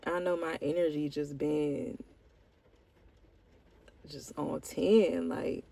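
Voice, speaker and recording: A woman's voice: low voice, flat delivery, slow pace, gravelly, dark tone, poor audio. A woman vlogger talking candidly about her life in a rambling, heartfelt way, with lots of "like" fillers. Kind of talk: candid personal vlog confession.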